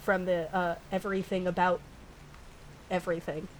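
A woman voicing a guarded pirate captain who talks in a low, curt, defensive way. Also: little pitch movement, moderate pace, slight background noise, lightly acted, poor audio.

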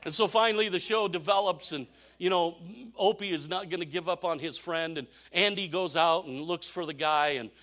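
Animated preacher telling a story. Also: male voice, high voice, moderate pace, few pauses, a faint crowd. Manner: animated storytelling, repeats phrases. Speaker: pastor. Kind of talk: sermon with storytelling.

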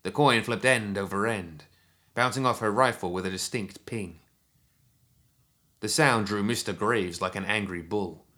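A man narrating a written action story in a steady, measured storytelling manner. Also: on the low side. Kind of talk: scripted audiobook narration.

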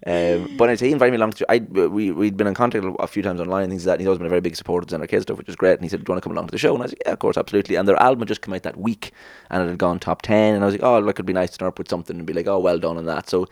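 A man's voice: low-pitched, very fast, few pauses, a little mellow, dry recording, clean studio sound. An Irish man telling rambling, sweary anecdotes in casual chat as a podcast co-host. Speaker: podcast co-host, former band member.

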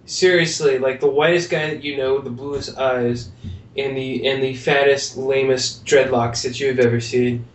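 A man's voice: fairly even intonation, moderate pace. Distant, echoey man in casual movie chat. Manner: rambling, laughs often, acts out lines. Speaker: podcast co-host. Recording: distant roomy lo-fi mic with faint rumble.

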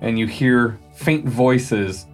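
A man's voice: medium pitch, slow, soft background music. A man running a tabletop game as game master, describing the scene in a loose, casual way with fillers and restarts. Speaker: game master and podcast host.

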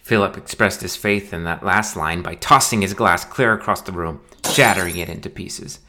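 A man's voice: deep voice, moderate pace, pushed and bright, slight background noise. A man narrating a short story aloud in a dry, wry storytelling manner. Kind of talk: scripted audiobook narration.

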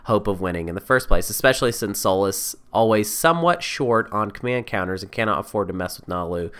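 A man's voice: lowish voice, fairly quick, a bit bright, smooth. A man co-hosting a board game podcast while feeling sick, with dry, self-deprecating humor. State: sick, under the weather. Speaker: podcast co-host. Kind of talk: casual board game discussion.

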